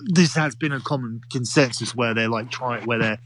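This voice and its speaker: A man chatting casually on a podcast. He rambles, often stops and restarts his sentences, and has a mid-pitched voice. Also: moderate pace, fairly bright tone, a little hiss or hum. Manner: rambling, with frequent restarts and self-corrections. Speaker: club DJ and podcast co-host. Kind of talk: casual chat.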